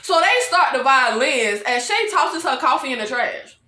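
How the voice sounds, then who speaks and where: A woman with a high, sing-song voice and a sharp edge talks at a moderate pace in an echoey room. She's a TV review vlogger recapping an episode in a casual, exasperated rant, addressing her viewers as "y'all," swearing, and laughing between lines.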